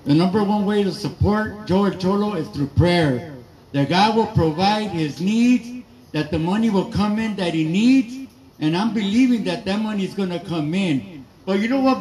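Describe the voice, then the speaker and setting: A man's voice: high-pitched, darkish tone, rough recording. A man from East Los Angeles, doing a loose, rambling stand-up set with asides to the crowd. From East Los Angeles, USA. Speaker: stand-up comedian and emcee. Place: garage.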